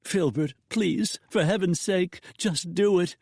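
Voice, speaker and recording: A man's voice: medium pitch, moderate pace, a little mellow, dry recording, voice pushed up, close to an everyday voice. A man voicing a frightened woman, a banker's wife, in a quavering, pleading voice.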